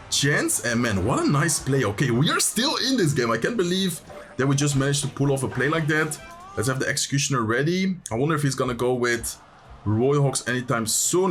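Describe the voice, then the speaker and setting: A young man giving live commentary on his gameplay, thinking aloud, excitable and talking straight to viewers. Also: mid-range voice, fairly quick, faint music behind. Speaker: gaming commentator.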